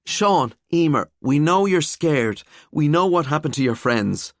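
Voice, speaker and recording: A male narrator voicing a living skeleton detective who talks in a wry, chatty, calm way. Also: medium pitch, unhurried, dry recording, studio quality, pitched above the performer's own voice.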